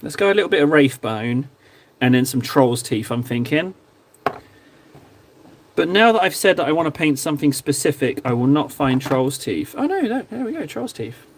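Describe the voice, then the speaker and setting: A man casually chatting to his stream viewers while painting models, joking around and sometimes mock-shouting at them. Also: fairly high pitch, big pitch swings, normal speed, slight background noise. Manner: playful, jokey, mock-shouts insults at viewers. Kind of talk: casual live-stream chat.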